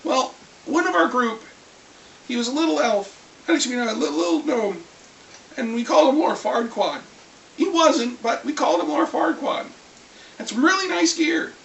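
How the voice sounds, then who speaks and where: A vlogger getting over a cold, clearing the throat, telling a rambling, lively story about a tabletop game in a casual rant. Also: high voice. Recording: echoey room, far from mic, faint hiss.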